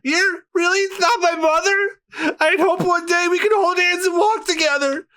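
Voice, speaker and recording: A man's voice: steady tone, unhurried, sharp tone, heavily acted. A man voicing a little girl who begs her mother through tears, read aloud dramatically from a comic. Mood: tearful pleading. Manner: high, crying, pleading delivery.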